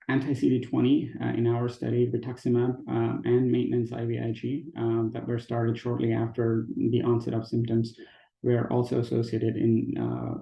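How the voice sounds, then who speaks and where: A man giving an academic research presentation at a conference, pausing often on fillers and restarting phrases. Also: mid-range voice, gravelly, mellow, echoey room, lo-fi sound. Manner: hesitant, frequent fillers and restarts. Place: conference talk, recorded remotely.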